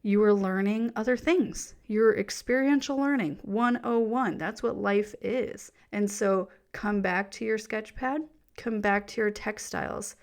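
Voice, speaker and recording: Woman host musing on her own, soft encouraging tone, loose chatty delivery, lots of "like" and "you know". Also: fairly high pitch. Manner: gentle, encouraging, speaks directly to the listener; chatty, with fillers and self-corrections. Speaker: podcast host. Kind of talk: reflective solo podcast monologue.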